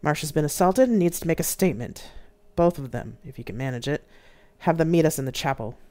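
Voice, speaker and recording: A reader voicing a protective man who speaks in a calm but deadly, commanding voice. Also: mid-range voice, a little fast, close to an everyday voice. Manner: cold and commanding.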